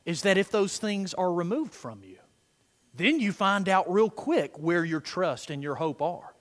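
A middle-aged man preaching a sermon, swinging between soft, murmured prayer lines and loud, emphatic declarations. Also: sits high, animated, unhurried. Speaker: pastor. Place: church sanctuary. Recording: long hall reverb.

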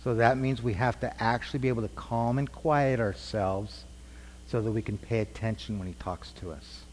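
A middle-aged preacher teaches a church class conversationally, asking the group questions and repeating their answers back. His voice is medium-pitched and steady at a moderate pace, with slight background noise and long hall reverb.

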